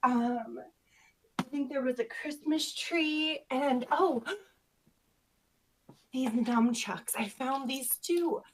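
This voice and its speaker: A woman playing a naive, sheltered newcomer in witness protection, speaking in a halting, wide-eyed way over a video call. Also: high voice. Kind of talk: improv comedy character.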